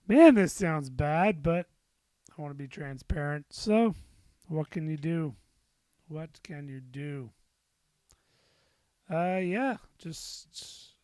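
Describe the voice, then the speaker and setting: A middle-aged man talks through a casual solo podcast at an unhurried, drawn-out pace. He rambles and pokes fun at himself, dropping in plenty of "uh"s and a few swear words. His voice sits close and dry, with hardly any room around it. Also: fairly high pitch, darkish tone, no room sound. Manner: rambling and self-deprecating, with frequent fillers and swearing. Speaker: podcast host.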